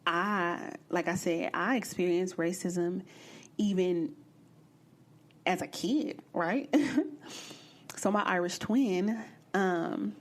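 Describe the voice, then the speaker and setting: A young woman from the American Midwest hosting a podcast, telling a personal story in a blunt, profane and animated way. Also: on the low side. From Midwestern United States. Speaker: podcast host. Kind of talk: candid storytelling monologue.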